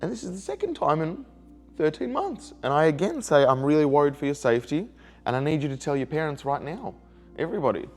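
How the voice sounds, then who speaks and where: A man's voice: fairly high pitch, big pitch swings, quick pace, soft background music. An upset man, telling a rambling personal story in a video diary and repeating himself when hurt. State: emotionally upset. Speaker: vlogger.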